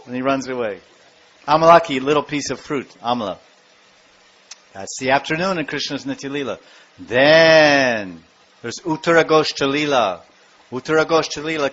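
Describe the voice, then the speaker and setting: A man giving a devotional lecture, telling stories in an animated way and acting out the scenes. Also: on the high side. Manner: animated storytelling, acts out scenes. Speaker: spiritual lecturer. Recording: dull lo-fi lecture recording.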